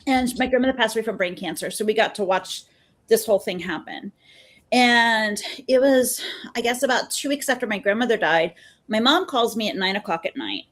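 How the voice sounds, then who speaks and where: A woman in her fifties, a therapist, chatting as a podcast guest and telling stories in an animated way, acting out what people said. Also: fairly high pitch, a little fast. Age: 50s. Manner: chatty and animated, acts out quoted dialogue. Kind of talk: casual storytelling in a podcast interview.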